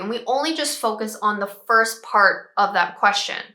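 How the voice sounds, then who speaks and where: A woman, a child behavior expert, calmly explaining parenting strategies and modeling phrases parents can use. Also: medium pitch, normal speed, few pauses, roomy sound. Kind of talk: parenting advice talk.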